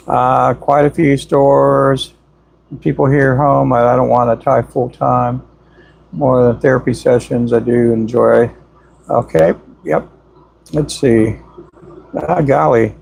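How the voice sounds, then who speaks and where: A man hosts a casual livestream, chatting with viewers while he demonstrates tying knots and teaches jig tying, saying "boom" often as his hands work. He speaks slowly with a steady, darkish tone and vocal fry.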